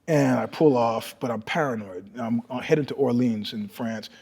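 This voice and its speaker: A middle-aged man, a podcast guest, telling stories in a husky voice, swinging from loud bursts to hushed asides. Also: medium pitch, normal speed. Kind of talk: storytelling in casual conversation. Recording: long reverb.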